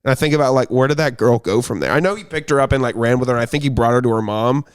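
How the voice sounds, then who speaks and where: Casting: young male podcast host, relaxed and rambling, easy laugher, conversational. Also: mid-range voice, rapid-fire, smooth. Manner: laid-back, rambling storyteller who laughs easily. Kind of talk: casual chat.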